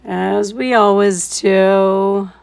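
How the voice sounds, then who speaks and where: Woman painting instructor, live tutorial, gravelly, slow and easygoing. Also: medium pitch, fairly even intonation, darkish tone. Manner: laid-back and chuckling, thinks aloud.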